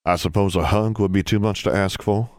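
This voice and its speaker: A ghostly father speaks in a deep, low voice, courteous and measured, as a man acts him out. The delivery is calm and unhurried in a dry storybook reading. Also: no echo, lightly acted. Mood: gentle. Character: tall bearded male ghost father, deep and composed.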